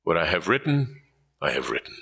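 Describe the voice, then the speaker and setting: A man's voice: sits low, big pitch swings, fairly quick, creaky, pushed and bright, breathy edge, voice pushed down, heavily acted. A man playing a stern Roman governor. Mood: curt.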